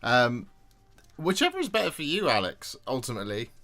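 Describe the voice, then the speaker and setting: A man's voice: medium pitch, huge pitch swings, fairly quick, pushed and bright. A man hosting a casual livestream while building models, chatty and self-deprecating as he greets viewers. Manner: chatty, self-deprecating, reads chat aloud.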